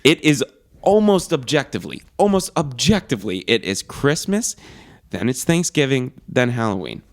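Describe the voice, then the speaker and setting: A man's voice: medium pitch, moderate pace. A young man rants through a casual podcast chat, swearing freely. His voice swings widely up and down as he makes his points with heavy emphasis. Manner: animated, profane, emphatic ranting. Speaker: podcast co-host.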